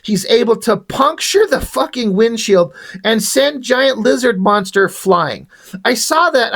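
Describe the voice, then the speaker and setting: A man's voice: very high voice, expressive, unhurried, creaky, fairly bright tone. A man reviewing a comic book in a casual rant, sarcastic, exasperated and full of swearing.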